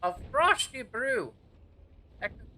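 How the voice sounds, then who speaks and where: A man voicing a pompous mock-medieval old British gentleman in a quavery, put-on old-man voice with a fake British accent. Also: very high-pitched, very animated, slow, pitched above the performer's own voice, full character voice, poor audio.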